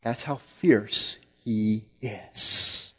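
A man preaching a sermon slowly and emphatically, rising to loud, forceful quoted lines. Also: lowish voice, husky, muffled recording.

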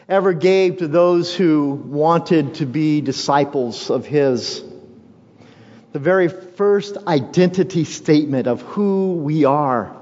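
A man's voice: fairly high pitch, darkish tone. A man preaching a sermon as pastor, emphatic and repeating key phrases for weight. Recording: dull lo-fi sound with long hall reverb.

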